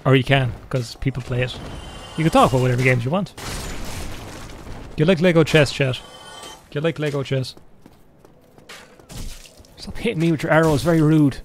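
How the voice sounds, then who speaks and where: A man's voice: medium pitch, a little fast, pauses often, a little hiss or hum. A young Irish man live-streaming a game alone in his room, joking and rambling to his chat as he plays. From Ireland. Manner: jokey, rambling, talks to chat while playing.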